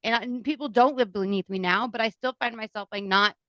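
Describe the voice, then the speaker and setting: Woman, podcast co-host, animated, exasperated, swears, dry muffled sound. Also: fairly high pitch, fast, dry recording. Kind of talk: casual chat.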